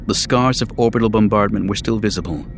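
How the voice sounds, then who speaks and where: A man reading an audiobook in scripted narration, measured and even. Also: fairly low pitch, gravelly, soft background music.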